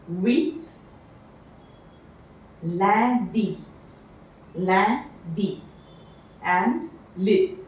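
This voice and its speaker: A woman giving a French pronunciation lesson, spelling out letters and repeating each example word slowly. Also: medium pitch, darkish tone, slight background noise. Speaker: French language trainer. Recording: echoey room heard from a distance.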